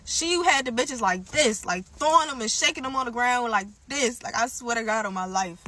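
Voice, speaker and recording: A young woman tells a story casually and with lots of energy. Her voice sits high and sounds bright and sharp. She cusses freely and swings between loud outbursts and muttered asides. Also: normal speed. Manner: animated, profane, swinging between loud bursts and low asides. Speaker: storyteller in a clip.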